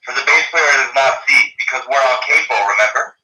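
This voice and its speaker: A man's voice: mid-range voice, steady tone, quick pace, bright, forceful tone. A man speaking as a musician guest over a video call, hesitant and full of fillers. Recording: distant, echoey video call audio.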